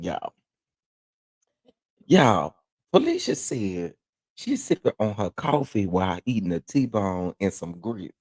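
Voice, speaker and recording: A man from Texas with a Southern accent, hosting a casual morning livestream, chatting and reading viewer comments with lively, laughing exclamations. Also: a little slow, long pauses, no echo, studio quality. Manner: animated, laughing, jumps into high exclamations. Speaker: livestream host.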